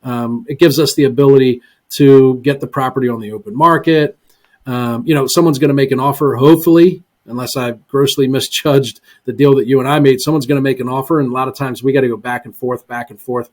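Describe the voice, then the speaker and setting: A man telling stories in a casual podcast interview, full of ums, often acting out what other people said. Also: mid-range voice. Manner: animated storyteller, many ums, voices other people in quotes. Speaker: guest, real estate investor. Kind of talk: casual interview talk, acting out sales calls.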